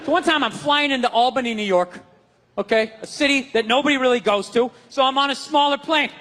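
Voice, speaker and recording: A man's voice: very high-pitched, a little fast. A middle-aged man doing a profane, ranting stand-up routine on a club stage, acting out characters along the way. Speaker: stand-up comedian. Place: comedy club stage before a live audience. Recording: live club recording with loud crowd noise.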